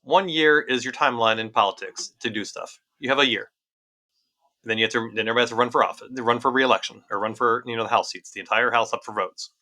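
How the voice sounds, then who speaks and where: A man co-hosting a casual political podcast, talking fast and animated, repeating phrases for emphasis. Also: mid-range voice. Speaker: podcast co-host.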